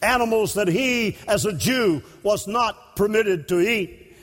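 A man with a strikingly high voice preaches a sermon in a church. He takes his time and lets each phrase land, then rises into shouts for emphasis. His voice rings out with a long hall reverb. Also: measured pace. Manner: impassioned, breaking into shouts for emphasis.

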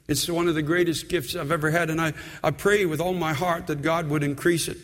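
A man's voice: on the high side, flat delivery, quick pace, hardly any pauses, fairly bright tone, in a large hall. A man in his sixties, a pastor, preaching an earnest sermon full of personal stories in a church.

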